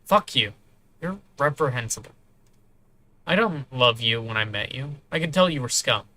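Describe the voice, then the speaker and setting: Man doing a tearful young woman, raised pitch, trembling, stammering, bright tone. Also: expressive, moderate pace. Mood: bitter. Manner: trembling, stammering, then lashing out. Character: hurt, bitter young woman, crying.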